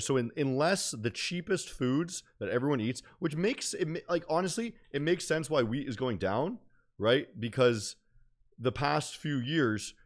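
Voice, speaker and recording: A young man talks through trades in a loose, rambling stream of chat, full of fillers and slang. His voice sits at an ordinary middle pitch. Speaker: day trading streamer. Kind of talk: casual livestream chat.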